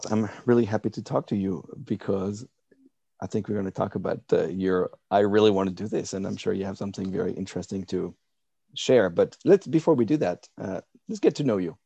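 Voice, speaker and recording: A man's voice: on the low side, a little fast, gravelly, warm tone, breathy edge, dry recording, highs cut off. A man hosting a podcast, chatting playfully and laughing often as he interviews a guest. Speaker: podcast host. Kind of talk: casual interview chat.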